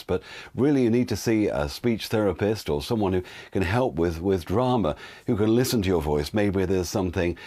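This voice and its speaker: A man's voice: on the low side, a little mellow. An older man, a voiceover teacher, giving casual spoken tips with frequent fillers. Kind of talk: casual instructional talk.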